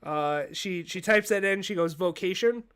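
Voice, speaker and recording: A man narrating as game master of a tabletop game, relaxed and full of fillers. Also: sits high, normal speed, smooth.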